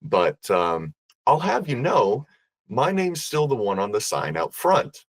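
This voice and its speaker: A man voicing the calm, pleasant ghost of an old-timey hotel owner who poses as a tour guide. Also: medium pitch, takes it slowly, exaggerated voice. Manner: calm, pleasant, quietly knowing.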